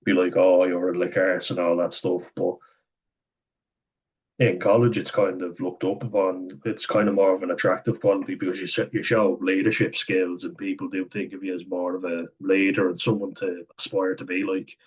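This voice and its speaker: Brief: young Irish male vlogger, deep husky voice, blunt and sweary. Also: flat delivery, normal speed, lo-fi sound. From Ireland. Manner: candid, sweary, chuckles while telling stories. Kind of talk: casual storytelling monologue.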